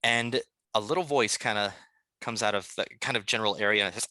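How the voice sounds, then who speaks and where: A man's voice: lowish voice, a little fast, sharp tone, no room sound, studio quality. A man running a tabletop game as game master, talking in a loose, rambling way with many fillers.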